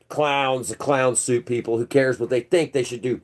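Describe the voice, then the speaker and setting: A man's voice: mid-range voice, fairly even intonation, normal speed. A man hosting a livestream, rambling through conspiratorial commentary and calling his viewers "bro". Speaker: channel host. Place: indoors.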